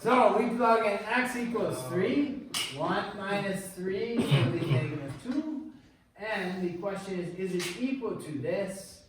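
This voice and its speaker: A man's voice: high voice, lively intonation, slow pace. A man teaching an algebra class, joking with students and laughing often. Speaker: math teacher. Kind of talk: classroom lecture with banter. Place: classroom, recorded from afar. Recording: echoey classroom from far off, noisy.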